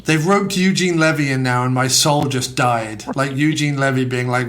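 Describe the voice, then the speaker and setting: A man's voice: mid-range voice, a bit bright. A man in casual podcast chat, sarcastically acting out imagined conversations as he riffs on movie topics. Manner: sarcastic, acts out mock dialogues in quick bursts. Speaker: podcast co-host.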